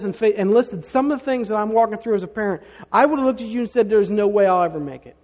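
A man's voice: high-pitched, fast, few pauses, dark tone. A man preaching a sermon, telling stories in a conversational way with rhetorical asides to the congregation. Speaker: pastor. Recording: reverberant hall, dull lo-fi sound.

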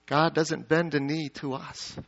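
A male pastor preaching to his congregation, swinging from emphatic peaks to quiet low asides and asking the crowd questions. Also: flat delivery, measured pace. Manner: dynamic preaching, rising to emphatic peaks then dropping low. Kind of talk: sermon. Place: church sanctuary. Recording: dull lo-fi sound.

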